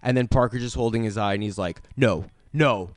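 A man on a podcast, telling casual stories with frequent laughter and shouted quotes. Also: fairly low pitch, fairly even intonation, fast, clear, resonant tone, dry recording. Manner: laid-back storyteller, laughs often, shouts when quoting. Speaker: podcast host. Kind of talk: casual chat.

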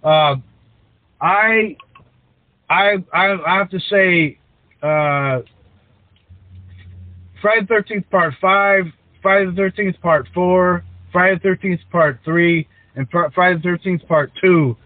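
A man's voice: sits high, slow, long pauses, no room sound. A man co-hosting a casual movie podcast, rambling with lots of restarts and fillers. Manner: rambling, many likes and restarts. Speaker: podcast co-host. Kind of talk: casual chat. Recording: dry, tinny phone-like sound.

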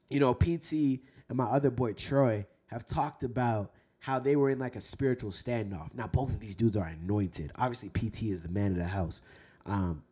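A young man hosting a faith talk for men, preaching earnestly and slowing down to drive points home. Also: medium pitch, a little mellow, breathy edge. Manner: earnest, exhorting, slows down for emphasis. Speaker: host speaking to men about faith.

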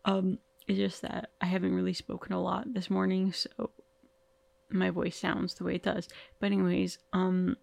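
A tired woman hosts a casual film podcast solo, her voice heavy with vocal fry and gravel. She rambles along with lots of likes, ums and restarts. The sound is dry and close. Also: lowish voice, level tone, moderate pace, a little mellow, no echo. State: tired, yawning. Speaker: podcast host.

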